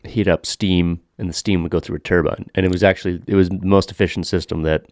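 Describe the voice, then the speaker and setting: A man's voice: low-pitched, steady tone, fast talker, a little mellow, dry recording, studio quality. A man co-hosting a podcast in casual chat, crude and profane, joking around and explaining things at length. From Canada. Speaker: podcast co-host.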